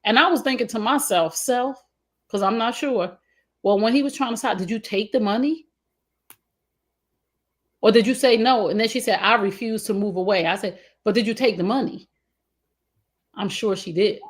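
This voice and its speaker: A woman's voice: mid-range voice, normal speed, pauses often. A woman co-hosting a casual relationship talk show, outspoken and emphatic as she hands out blunt advice, with features. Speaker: co-host.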